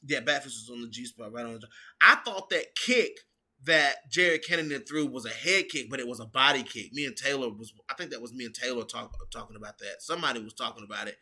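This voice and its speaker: A man hosting a casual reaction stream, animated and foul-mouthed, peppering every line with "bro.". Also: medium pitch, brisk, slightly rough. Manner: animated, swearing, keeps saying bro.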